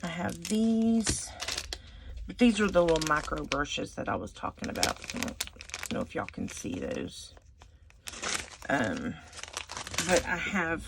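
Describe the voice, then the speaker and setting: Low, gravelly woman, slow rambling. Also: sing-song. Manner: rambling, chatty, thinks out loud. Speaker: resin art channel host. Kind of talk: casual craft tutorial chat. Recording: noisy home recording.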